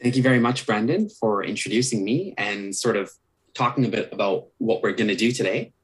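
A man's voice: lowish voice, animated, a little fast, low-quality recording. A young man, a counselor, earnestly explaining communication tips with examples on a podcast, with many "sort of" and "kind of" asides.

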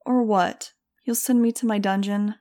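A woman puts on a sarcastic teenage girl for an audiobook. She mocks and wisecracks, her voice lifted a little higher and pushed louder than the narration around her. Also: fairly even intonation, moderate pace, lightly acted. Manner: mocking, wisecracking. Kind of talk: audiobook reading.

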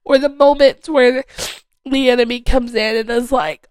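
Female podcast host, fairly high voice, dry close sound, earnest and heartfelt faith testimony. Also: steady tone, moderate pace, a little mellow, no echo, low-quality recording. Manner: earnest, heartfelt, repeats phrases for emphasis.

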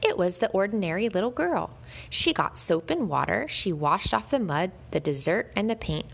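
A woman reading a children's story aloud, gentle and expressive, lifting her voice at the lively moments. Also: medium pitch, moderate pace, gravelly, slight background noise.

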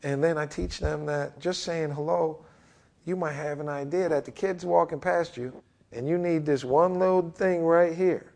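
Gravelly-voiced and talking at a normal pace, a man in his forties who coaches basketball spins energetic stories in an interview. He animatedly acts out quotes, his voice leaping in pitch.

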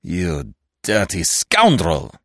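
A man voicing a gruff, furious older police inspector who speaks in curt snarls. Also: lowish voice, very animated, normal speed, no echo, clean studio sound. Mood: snarling.

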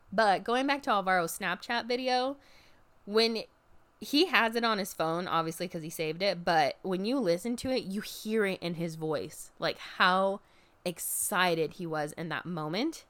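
A podcast host recaps a wrestling event in a casual, profane story packed with fillers and acted-out quotes. Her voice is lowish and fairly bright, and she speaks unhurriedly.

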